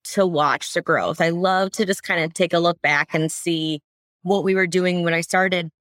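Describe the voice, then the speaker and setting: A woman's voice: fairly low pitch, steady tone, moderate pace, fairly bright tone, no echo. Woman employee as podcast guest; upbeat, enthusiastic, dry sound. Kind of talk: casual podcast chat.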